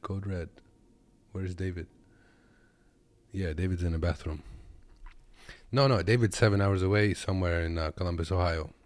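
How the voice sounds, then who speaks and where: Calling his audience "boys," a Kazakh trucker offers easygoing, jokey reactions from his desk. His voice is low-pitched and a little mellow.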